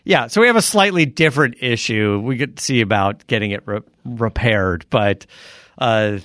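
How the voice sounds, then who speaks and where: A man co-hosting a casual podcast, telling stories in a loose, animated way, swearing and laughing often. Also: medium pitch, normal speed, no room sound, clean studio sound. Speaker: podcast co-host. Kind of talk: casual chat.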